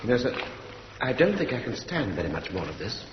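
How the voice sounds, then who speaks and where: An actor as a languid, genteel sergeant. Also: male voice, medium pitch, big pitch swings, fairly quick, close to an everyday voice. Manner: languid, polite, hesitant. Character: genteel, languid middle-aged male sergeant, diffident. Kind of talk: 1970s radio sitcom acting. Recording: echoey room, dull radio recording, hiss.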